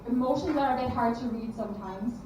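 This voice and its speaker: A high-pitched young woman doing stand-up comedy in a club, chatty and self-deprecating, with lots of ums and restarts. Her voice reaches the mic from a distance and echoes around a big room, with an audience murmuring and a faint hiss behind her. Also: fast, dark tone. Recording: echoey room, mic heard from afar, crowd.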